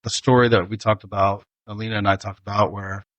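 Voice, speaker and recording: A man's voice: lowish voice, flat delivery, fast, fairly bright tone, no room sound. A middle-aged man hosting a casual family podcast, telling stories and laughing easily. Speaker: host, father.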